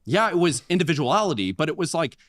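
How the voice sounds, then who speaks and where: An earnest man lays out social commentary in a measured, explaining tone. His voice sits a little high for a man. The recording sounds dry and close, with no room around it. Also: sing-song, fairly bright tone, dry recording.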